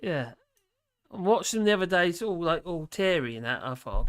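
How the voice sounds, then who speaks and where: This livestream host's voice is a little high, animated, and clear, with a resonant, fairly bright tone at normal speed. He chats casually while reading news and comments from viewers, wryly amused and laughing a lot.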